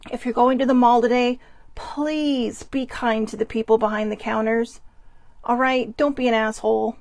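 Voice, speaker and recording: A young woman hosting a casual solo talk show from home, chatty and rambling, loud and theatrical. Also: fairly high pitch, vocal fry, no echo. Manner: chatty, rambling and expressive, laughs often; calls herself loud and theatrical. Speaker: host. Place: at home in her bedroom.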